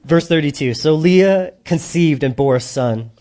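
A man's voice: fairly high pitch, a little slow, mellow. A middle-aged male pastor giving a conversational sermon, acting out short quoted voices as he preaches.

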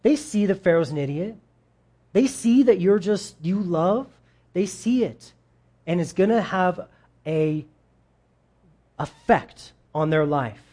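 A man preaching a sermon in a casual, conversational way, acting out quoted voices with big jumps in pitch and talking straight to his audience. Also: lively intonation, takes it slowly, pauses often, a little mellow. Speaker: pastor.

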